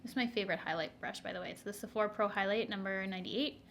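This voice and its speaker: A woman's voice: mid-range voice, racing, fairly bright tone, a little hiss or hum. A young woman, chatting to viewers through a makeup tutorial, laughing often and making asides. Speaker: beauty vlogger.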